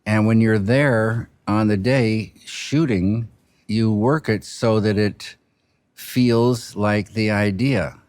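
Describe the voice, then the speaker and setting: A film director speaking reflectively, with a halting manner of trailing off and restarting mid-sentence. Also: male voice, lowish voice, fairly even intonation, darkish tone, no room sound. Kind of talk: reflective interview talk.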